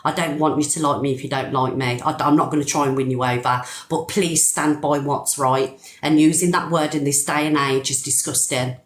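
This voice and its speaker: A woman's voice: sits low, fairly even intonation, moderate pace, echoey room. A middle-aged British woman hosting a live stream, ranting angrily and emphatically with plenty of swearing. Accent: British English. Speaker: TikTok live host.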